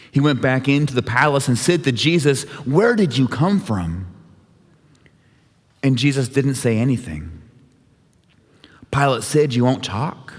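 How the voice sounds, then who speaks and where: A man tells a scripture story to a church congregation, lightly voicing each character as he goes. His voice sits at a middle pitch. The sound rings with the long reverb of a large sanctuary. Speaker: worship leader. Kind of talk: dramatic scripture retelling.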